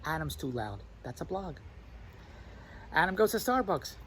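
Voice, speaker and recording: A man in a rambling, animated vlog monologue who keeps imitating other people's voices as he tells his stories. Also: a little high, normal speed, slight background noise, poor audio. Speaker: vlogger. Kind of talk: rambling self-recorded monologue.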